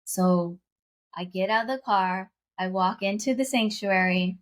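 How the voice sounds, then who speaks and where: A woman's voice: medium pitch, measured pace. Earnest woman telling a personal story. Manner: earnest, heartfelt storytelling with frequent fillers. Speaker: podcast guest.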